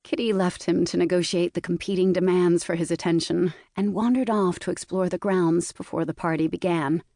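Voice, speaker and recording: A woman narrating a historical mystery audiobook in a measured storytelling manner, recorded in a booth. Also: on the low side, fairly even intonation, warm tone, no echo, studio quality. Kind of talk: scripted narration.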